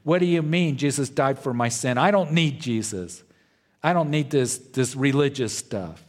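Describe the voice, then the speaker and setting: Brief: scoffing indignant skeptic man, a male preacher puts him on, pitch lifts. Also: normal speed, lightly acted.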